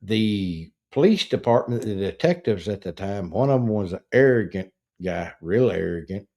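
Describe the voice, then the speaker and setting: A middle-aged man, hosting a casual true-crime talk show, who tells the story slowly and with emphasis, restarting sentences and growing indignant. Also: on the low side, animated, dark tone. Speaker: podcast host.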